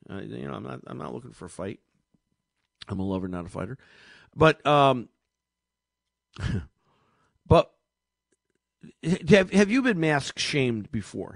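A man hosting a call-in radio show, telling stories in an animated way and often repeating words as he talks. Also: mid-range voice, creaky, no room sound. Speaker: radio talk show host. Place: radio studio. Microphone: studio microphone.

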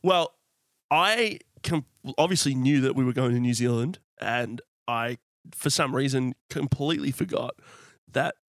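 A man's voice: medium pitch, measured pace, no echo, clean studio sound. A young Australian man co-hosting a casual chat, telling a self-mocking story. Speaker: podcast co-host.

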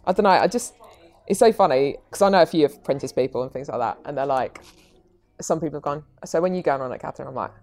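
A woman with a lowish voice hosts a casual podcast interview. She chats easily, asks questions and laughs along with her guest. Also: animated, a little mellow. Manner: chatty, quick to laugh along. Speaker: podcast host.

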